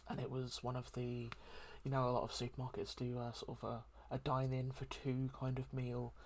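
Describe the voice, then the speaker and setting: A host talking through a heartfelt solo chat in a soft, hesitant and reflective way, with many pauses and ums. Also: mid-range voice, monotone, a little hiss or hum. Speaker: daily channel host.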